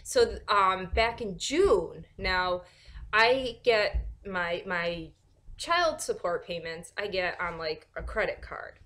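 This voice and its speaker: A woman vlogger talking in a casual, animated and sarcastic rant, full of fillers and restarts. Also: medium pitch, slow pace. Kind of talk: casual ranting monologue.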